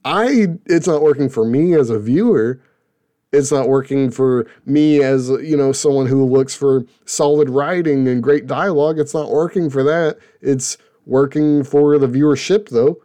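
A man's voice: mid-range voice, a little slow, mellow. A young adult man hosting a casual show, rambling sarcastically about television and laughing at his own jokes. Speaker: podcast host reviewing TV shows. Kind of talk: casual opinionated chat.

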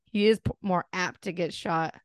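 A woman's voice: lowish voice, steady tone, moderate pace, no room sound. Middle-aged woman, podcast cohost, blunt and chatty, dry close mic. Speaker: podcast co-host. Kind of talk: casual chat.

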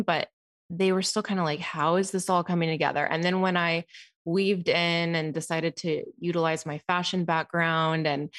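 A woman podcast guest telling her story in a candid, animated way, swearing casually along the way. Her voice sits a little low. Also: no room sound, studio quality. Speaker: guest, style coach.

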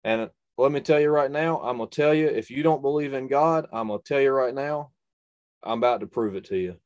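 A man's voice: mid-range voice, brisk, a little mellow, no room sound. A young adult man telling a personal hunting story in a conversation, earnest and emphatic, repeating phrases for stress. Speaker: hunter and video creator, guest.

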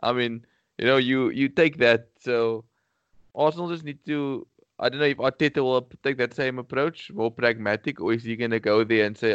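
A man's voice: medium pitch, moderate pace, clean tone, dry recording, highs cut off. A man co-hosting a casual football podcast, thinking aloud with frequent hesitations and restarts. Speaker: podcast co-host.

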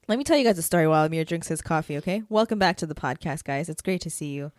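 A woman's voice: low voice, animated, rapid-fire, dry recording, studio quality. A woman co-hosting a podcast, telling stories and teasing in playful casual chat. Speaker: podcast co-host.

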